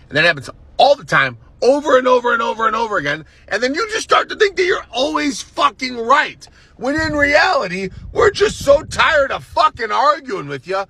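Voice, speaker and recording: A man on a heated, swearing rant aimed at the camera. His voice sits high and swings widely, with a tense, bright edge. It has a husky grain and a dry, close sound with no room around it. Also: big pitch swings, fairly quick, dry recording. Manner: heated, swearing, shouting at times.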